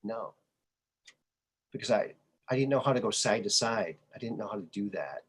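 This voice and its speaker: A man hosting a podcast, telling personal stories in a casual, animated way and acting out the people he quotes. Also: on the low side, normal speed, crowd noise. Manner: animated storyteller who acts out quoted voices. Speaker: podcast host. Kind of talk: casual conversational storytelling.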